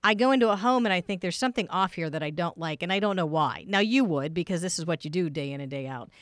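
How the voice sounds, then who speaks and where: A woman's voice: on the low side, animated, quick pace, no room sound. A woman hosting a radio interview in a friendly, affirming way. She laughs easily. Her voice sounds dry and close. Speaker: radio host.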